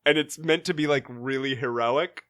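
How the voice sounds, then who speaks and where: A man's voice: medium pitch, normal speed. A man co-hosting a podcast, recapping a movie in casual chat, swearing and mocking the plot. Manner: animated, swears, mocks the plot with put-on character voices. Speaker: podcast co-host.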